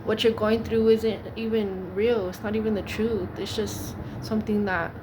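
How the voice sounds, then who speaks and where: A woman speaks in an earnest, pleading sermon, repeating herself to press her point. Her pitch stays level and narrow. A steady noise sits under the recording. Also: normal speed. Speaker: preacher. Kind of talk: informal preaching monologue.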